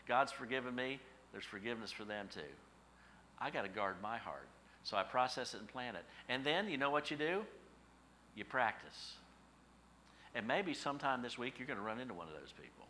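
A middle-aged male pastor delivers a sermon in a bright, forward voice. He leans on homespun stories and asks his listeners questions as he goes, with a faint hiss of noise behind him. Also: mid-range voice, expressive, fairly quick. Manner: folksy storytelling with rhetorical questions.

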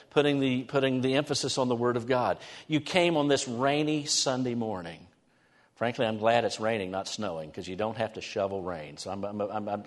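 Middle-aged male pastor, mid-pitched, lively conversational sermon, quick asides, dips into soft prayer. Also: in a large hall. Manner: conversational, animated preaching with sudden drops to soft prayerful tones. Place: church sanctuary.

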